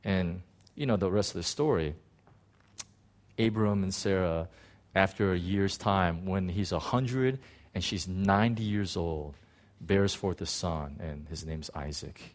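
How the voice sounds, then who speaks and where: A man preaching a sermon in an animated way, acting out biblical figures, with frequent restarts. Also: medium pitch. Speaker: pastor.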